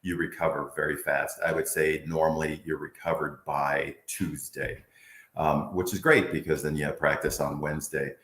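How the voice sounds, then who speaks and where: A man in his fifties, a former football player from the Bay Area, telling animated stories in an interview and acting out quotes. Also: rumbling low, moderate pace, roomy sound. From Bay Area, United States. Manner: animated storyteller, acts out quotes, laughs often. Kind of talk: candid interview storytelling.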